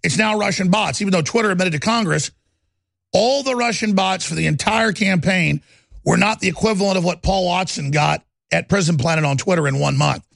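A man hosting a political talk show, speaking in an emphatic, indignant, rapid-fire manner. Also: high voice, vocal fry, a bit bright, no echo. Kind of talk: heated political talk radio.

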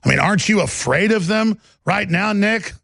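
A man hosting a talk radio show, ranting in an agitated way that swings from mumbling to loud. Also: high voice, animated, normal speed, gravelly, dry recording. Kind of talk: heated talk radio monologue.

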